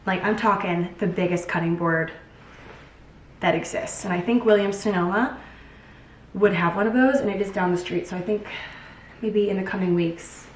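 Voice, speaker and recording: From her home kitchen, a young lifestyle vlogger chats casually, bubbly and talkative, joking as she cooks. Her medium-pitched voice moves at normal speed with long pauses. The poor audio is echoey and distant from the mic, with slight background noise.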